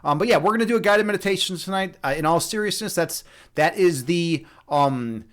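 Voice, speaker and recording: A young man's high, expressive, somewhat bright voice carries a casual livestream where he talks with viewers at a fairly quick pace. He hosts as a meditation instructor, and his chat is rambling, jokey, and absurdist, with many fillers and restarts.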